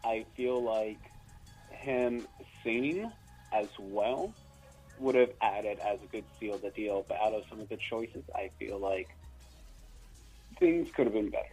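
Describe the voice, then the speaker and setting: A man phones in to a chat show, voice a little low and husky. He hedges his opinions and hesitates as he goes. The line sounds thin, with faint music underneath. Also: unhurried, pauses often, darkish tone, rough recording. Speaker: caller. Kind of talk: casual call-in chat.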